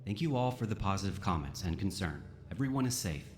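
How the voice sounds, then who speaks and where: Deep-voiced man narrating dramatically. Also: sing-song, fast talker, slight background noise. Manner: dramatic storytelling delivery. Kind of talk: scripted narration.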